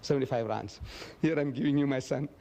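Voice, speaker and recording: A man's voice: mid-range voice, a little fast, creaky, dark tone. A man gives a public lecture and answers audience questions. He tells stories emphatically and acts out quotes in a raised voice. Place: lecture hall.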